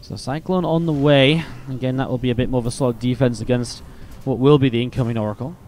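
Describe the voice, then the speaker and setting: An English man calls a strategy game match live in a middle-pitched voice. He moves between quick play-by-play and loose, chatty asides. A faint background noise sits under the commentary. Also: a little mellow. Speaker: esports caster.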